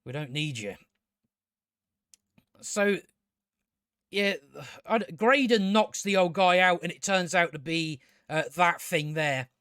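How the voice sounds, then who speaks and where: A man's voice: sits high, steady tone, a little slow, fairly bright tone, clear, resonant tone, dry recording, studio quality. A man reviewing a TV episode in a rambling casual recap, sarcastic and profane, stumbling over restarts. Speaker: video reviewer.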